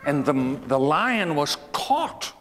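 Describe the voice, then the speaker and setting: A man tells a fable in a slow, homespun manner, wandering off into asides and quizzing his listeners. His pitch rises and falls with animation. A long hall reverb and faint room noise surround him. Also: sing-song, a bit bright. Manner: homespun, digressive, asks the audience questions. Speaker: historical reenactor as a 19th-century president. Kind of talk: folksy storytelling to children.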